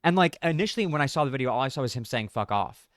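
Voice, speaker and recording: A man chatting casually as a podcast co-host, his voice smooth and resonant. He gets riled up and swears freely, and the dry, close sound has no room in it. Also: medium pitch, expressive, very fast, a bit bright, no room sound. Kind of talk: casual chat.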